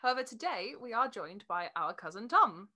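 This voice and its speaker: A young woman co-hosting a casual podcast, chatty and quick to laugh. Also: medium pitch, very animated, loud music behind the voice. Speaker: podcast co-host.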